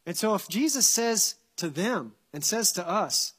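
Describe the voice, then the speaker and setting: A man's voice: high voice, expressive, measured pace, fairly bright tone, slightly rough. A male pastor preaching a sermon that ends in prayer, earnest and building to impassioned emphasis with repeated phrases.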